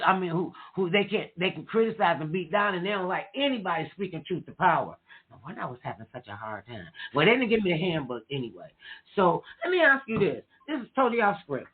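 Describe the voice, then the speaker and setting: A middle-aged woman hosting a talk show in casual chat, an animated storyteller who acts out the voices she quotes. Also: lowish voice, fast talker, slightly rough. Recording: tinny phone-like line.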